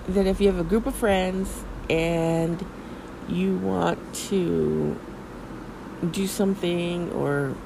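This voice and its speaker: Woman podcast host, slow and unhurried, frank and rambling; noisy background with air-conditioning hum. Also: lowish voice, gravelly. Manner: rambling, filler-heavy, frank and a bit crude. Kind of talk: casual podcast chat.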